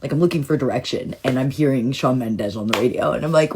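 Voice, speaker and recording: A woman telling a personal story in a rambling, emotional way, full of "like" and sudden jumps into excited retelling. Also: quick pace, hardly any pauses, a little hiss or hum. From Southern California. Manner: rambling and emotional, heavy use of "like"; swings into excited, high-pitched retelling. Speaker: storytime vlogger. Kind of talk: casual storytelling monologue.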